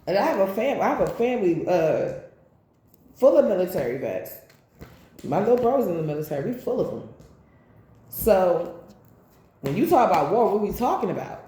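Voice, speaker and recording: Female tarot reader, casual and preachy, mellow tone, roomy echo. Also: medium pitch, normal speed, pauses often. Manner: rambling, animated, preachy asides. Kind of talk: casual spiritual tarot reading.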